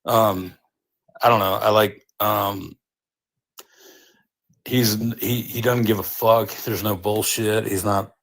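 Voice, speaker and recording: A man's voice: fairly low pitch, fairly even intonation, slow pace, gravelly, long pauses, fairly bright tone. A man being interviewed who answers in a laid-back, fumbling way and swears casually.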